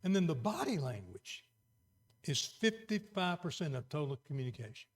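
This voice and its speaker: A middle-aged man preaching a sermon, moving between quiet, earnest emphasis and raised exhortation. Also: fairly high pitch, sing-song, moderate pace.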